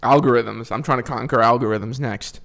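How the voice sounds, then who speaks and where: Deadpan young comedian. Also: male voice, medium pitch, normal speed, creaky, crowd noise. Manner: deadpan joking, mock-boastful. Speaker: comedian and podcast co-host. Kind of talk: casual chat.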